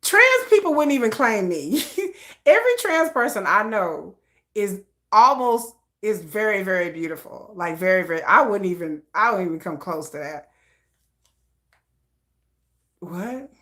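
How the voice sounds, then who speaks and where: A woman's voice: medium pitch, very animated, a little slow, fairly bright tone. A woman hosting a casual livestream, teasing her chat and laughing often. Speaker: livestream host.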